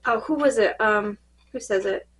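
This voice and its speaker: A woman reading cards in a casual spiritual check-in, her voice fading and a little hoarse, rambling and halting with many fillers. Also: mid-range voice, a bit bright, slight background noise, poor audio. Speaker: tarot card reader.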